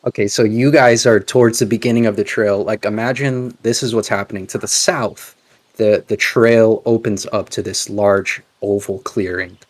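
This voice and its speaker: Low-voiced man running a tabletop game. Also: fairly even intonation. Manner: halting, many fillers and restarts. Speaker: game master.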